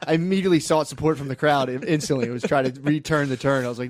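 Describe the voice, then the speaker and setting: A man's voice: medium pitch, fairly even intonation, rapid-fire, no echo. A young man, a comedian co-hosting, bantering and teasing with lots of swearing. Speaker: comedian podcast co-host. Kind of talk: casual chat.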